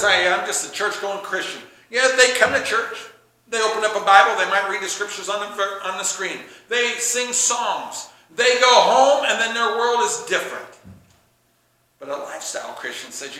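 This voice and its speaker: A man delivers a sermon as pastor, animated and acting out the people he quotes. His voice sits high and rings bright and sharp. The sound carries with heavy echo, as if from a big church hall. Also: normal speed.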